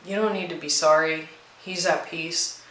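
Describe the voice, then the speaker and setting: Welcoming widow, gentle but pushy, as a woman narrator voices her. Bright, echoey read. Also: low-pitched, steady tone, normal speed. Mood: coaxing. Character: warm, insistent widowed mother.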